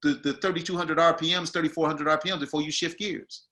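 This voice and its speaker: A man's voice: on the high side, steady tone, quick pace, pushed and bright. A man coaching actors in a masterclass, talking in a colloquial, emphatic, slangy way. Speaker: acting teacher.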